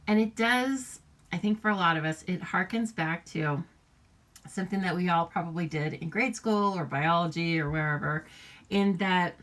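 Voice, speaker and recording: Fairly low in pitch yet fairly bright in tone, an American woman speaks at a moderate pace during a relaxed live craft demo. She works on papercraft while greeting viewers by name and laughing frequently.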